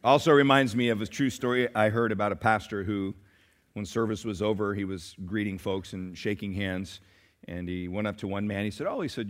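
A man preaches to his church in a mid-pitched voice, a little sick this week. He moves between stirring scripture reading and relaxed storytelling, drawing the congregation into call-and-response. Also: fast, in a large hall. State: a little sick, clearing throat. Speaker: pastor. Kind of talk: sermon. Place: church sanctuary.

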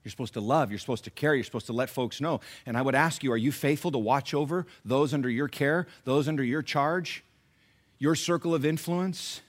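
Preaching at medium pitch, this middle-aged pastor moves from booming exhortation down to near-whispered pleas. His delivery leans on emphatic repetition and long, slow stresses.

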